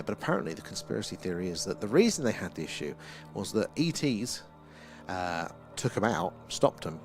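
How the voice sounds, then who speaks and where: A British man hosting a casual night-time livestream outdoors, rambling with many fillers as he chats with viewers. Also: on the low side. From United Kingdom. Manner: rambling, lots of fillers and repeated "there". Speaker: livestream host reading viewer chat. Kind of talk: casual live-stream chat.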